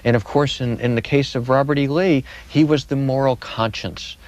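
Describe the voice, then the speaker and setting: A man's voice: mid-range voice, steady tone, moderate pace, a little mellow. A man answering interview questions as a guest historian, telling history with vivid, dramatic repetition.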